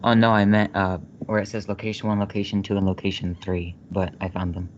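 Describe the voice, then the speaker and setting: A man's voice: sits low, level tone, a little fast. A man speaking as a student in an online class, asking brief, hesitant questions. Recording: dull lo-fi call audio, faint hiss.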